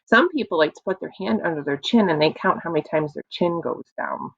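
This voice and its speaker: A young woman teaching young children a phonics lesson online, in a slow and encouraging sing-song voice, recorded on a computer mic at home. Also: fairly low pitch, expressive, vocal fry, slightly rough, no echo. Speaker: kindergarten teacher. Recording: dry, dull lo-fi computer audio.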